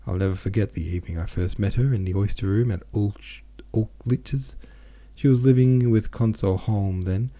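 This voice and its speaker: A man's voice: on the low side, normal speed, warm tone, natural voice. A man voicing an anxious, self-pitying middle-aged merchant who rambles in a plaintive, restless way, in an audiobook reading. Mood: pleading. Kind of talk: audiobook character voice.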